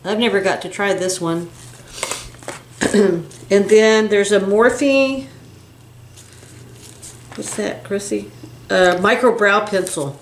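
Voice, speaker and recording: Speaking slowly in a mid-range voice and pausing often, an older woman chats her way through unboxing makeup gifts as co-host of a beauty channel. She gushes and gasps with excitement, and there's an echoey room and faint hiss behind her.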